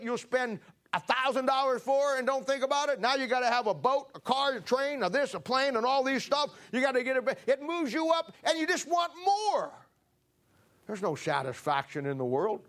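A high-pitched man preaching with folksy emphasis. He talks as a pastor to his congregation, pushing his points in rising bursts. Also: fairly bright tone. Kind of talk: sermon.

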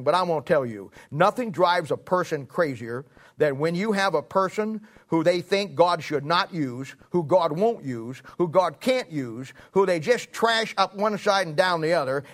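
Emphatic preacher man with a higher voice. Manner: emphatic, repetitive, swings between loud and hushed. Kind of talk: sermon.

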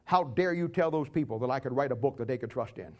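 A preacher mimicking an angry scolding God. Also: male voice, medium pitch, lively intonation, fast talker, lightly acted. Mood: mock outrage. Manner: indignant, scolding, mock-outraged. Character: angry scolding God, mocked as sarcastic male deity.

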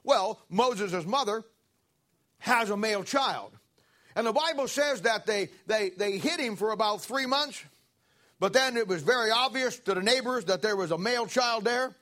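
High-voiced folksy male preacher. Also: moderate pace. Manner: folksy, animated retelling with fillers and asides. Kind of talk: sermon storytelling.

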